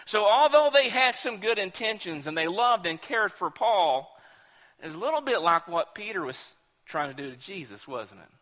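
A man's voice: high voice, expressive, normal speed, a bit bright. A male pastor preaching a sermon with emphasis, often repeating words as he builds a point. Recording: echoey hall.

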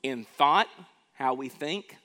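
A man's voice: medium pitch, takes it slowly, sharp tone. A man preaching a sermon, emphatic and questioning his congregation, repeating words as he builds each point. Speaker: pastor.

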